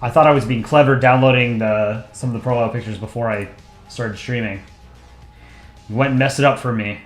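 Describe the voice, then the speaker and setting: A man hosting a casual drawing livestream, chatty and relaxed, thinking aloud as he works. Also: medium pitch, fairly quick, roomy sound, soft background music. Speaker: streamer and comic artist.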